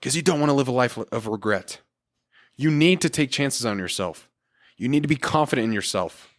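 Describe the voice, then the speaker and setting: A man's voice: mid-range voice, expressive, a little fast. Earnest man hosting a motivational podcast. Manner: earnest, encouraging, casual with fillers. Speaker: podcast host. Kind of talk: solo motivational podcast talk.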